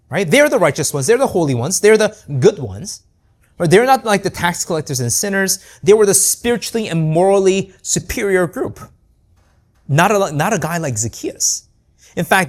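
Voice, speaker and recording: Earnest preacher with lively pitch. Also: male voice. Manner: earnest, rhetorical questions, frequent "right?" tag. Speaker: pastor. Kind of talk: sermon.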